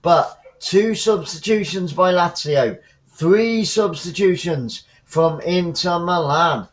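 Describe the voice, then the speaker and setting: A Southern English-accented man from the south coast of England commentates live on football in a chatty fan's style, breaking into shouts on goals. He has a high-pitched voice and speaks slowly.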